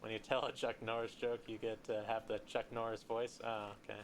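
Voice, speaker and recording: A man from Colorado with a raspy voice, giving casual, rambling, joking commentary while he streams a game. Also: on the low side, completely flat delivery, a little fast, slight background noise.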